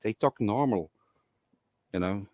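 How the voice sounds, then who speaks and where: A man's voice: lowish voice, no room sound, highs cut off. A man hosting a casual live-stream chat, talking bluntly with many fillers and restarts. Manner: halting, with frequent fillers and restarts; blunt and outspoken. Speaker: livestream host.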